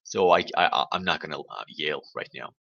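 A man's voice: extremely low pitch, a little fast, gravelly, sharp tone, slightly rough, dull audio. A man hosting a livestream, chatting casually and rambling with teasing questions for his viewers. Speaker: livestream host. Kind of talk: casual chat to live viewers.

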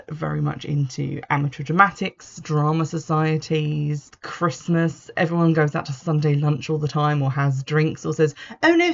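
Chatty book reviewer, gravelly voice, dull lo-fi sound, opinionated and full of fillers. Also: mid-range voice.

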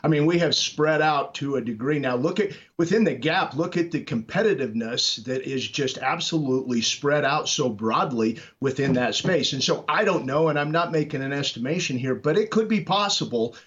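A man's voice: on the high side, lively intonation, normal speed, few pauses, fairly bright tone, lo-fi sound. A man commenting on stocks in a financial panel discussion, hesitant with many fillers and restarts. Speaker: market commentator.

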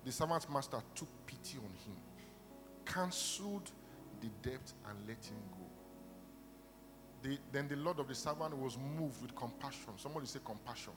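A man preaching a sermon in a church, retelling a parable and praying aloud, swinging from quiet storytelling to loud bursts of prayer. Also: medium pitch, lively intonation, normal speed. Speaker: pastor. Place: church hall. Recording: reverberant hall with music behind. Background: instrumental music.

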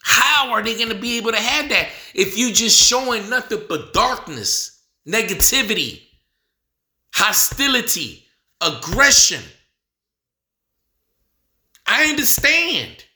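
A high, bright-toned man preaches slowly, piling up rhetorical questions and letting his voice climb and fall widely. He is recorded in a roomy, echoey space. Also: sing-song. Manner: repetitive, rhetorical questions, rising to near shouting. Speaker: speaker addressing the nation. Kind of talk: impassioned preaching monologue. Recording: echoey room.

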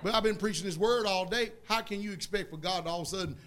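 High, bright-voiced man preaching a sermon. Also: quick pace. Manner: folksy and emphatic, with call-and-response to the congregation; rising to loud outbursts.

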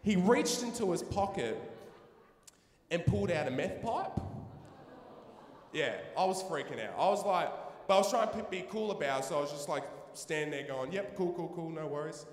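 A man's voice: high voice, expressive, normal speed, pauses often. A man doing a loose, rambling, slangy stand-up routine on a large theatre stage. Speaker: stand-up comedian. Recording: echoey hall, live stage.

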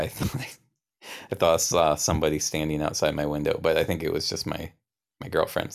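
A man's voice: low-pitched, creaky, a bit bright, smooth. A young man improvising a tabletop role-play, narrating a memory in a rambling, self-interrupting, wry way. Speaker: player narrating his character.

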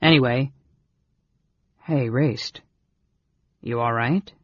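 A man voicing a big, blunt male warrior with a gruff, plain-spoken manner. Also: medium pitch, slow pace, no room sound, muffled recording.

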